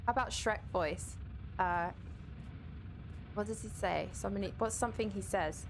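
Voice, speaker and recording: A woman's voice: medium pitch, moderate pace, background noise. A young Scottish woman casually commentating a video game stream, chatty and swearing now and then while she answers her chat.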